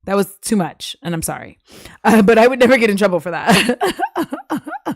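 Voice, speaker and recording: Giggly young woman streamer, casual chatter, medium pitch, dry close sound. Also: big pitch swings, normal speed, dry recording. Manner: chatty, giggly, lots of fillers. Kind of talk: casual live-stream chat.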